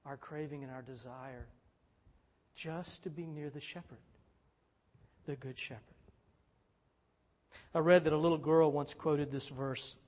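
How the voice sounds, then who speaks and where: Slow, high-voiced man preaching. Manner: rises to emphatic peaks then drops low and soft; slow, measured phrasing with repeated refrains. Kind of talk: sermon.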